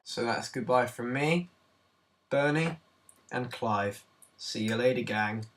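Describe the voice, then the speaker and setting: A young man hosting his own vlog at home in a goofy, self-mocking, excitable way. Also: medium pitch, takes it slowly, far from the mic, very noisy. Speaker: vlogger host. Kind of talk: jokey casual vlog.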